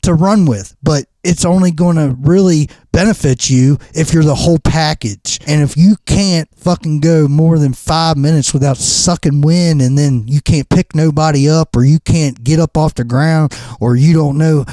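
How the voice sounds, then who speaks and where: A man's voice: fairly high pitch, normal speed, hardly any pauses, mellow, no echo. A middle-aged man, a pro wrestler and trainer, ranting bluntly and profanely in a podcast interview.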